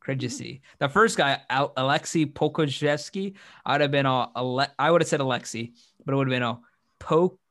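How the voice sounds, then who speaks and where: A man's voice: mid-range voice, brisk, a bit bright. A man hosting a casual sports podcast, rambling with frequent restarts and hiccuping. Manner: rambling, restarts often, upbeat. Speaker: podcast host.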